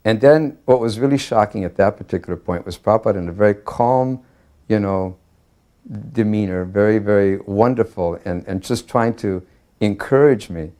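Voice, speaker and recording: An older man reminiscing in an interview, earnest and halting, with many fillers as he recalls a memory. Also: fairly low pitch, mellow. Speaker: devotee sharing memories.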